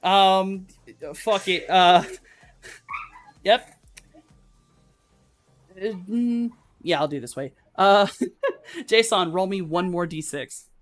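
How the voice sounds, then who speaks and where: A woman running a tabletop game as game master, narrating the action in a loose, profane way with many pauses. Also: mid-range voice, faint music behind. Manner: loose and profane, halting with fillers.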